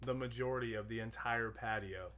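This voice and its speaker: A man's voice: mid-range voice, steady tone, a little fast, a bit bright. A man co-hosting a podcast, laid-back and slangy, swearing freely among friends. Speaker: podcast co-host. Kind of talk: casual banter among friends.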